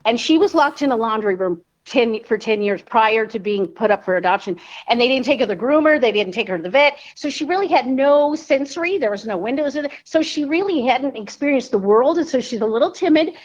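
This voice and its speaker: A woman's voice: a little high, lively intonation, fairly quick, few pauses, dull audio. A woman guest in a casual chat interview, friendly and storytelling, laughing often. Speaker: guest, car restorer.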